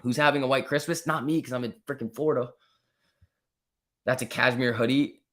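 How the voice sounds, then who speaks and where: A man's voice: mid-range voice, steady tone, fairly quick, a bit bright. Male stream host, mid-range voice, casual, joking, talks straight to chat. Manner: chatty, reads viewer comments aloud and answers them; joking, lightly teasing. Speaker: livestream host.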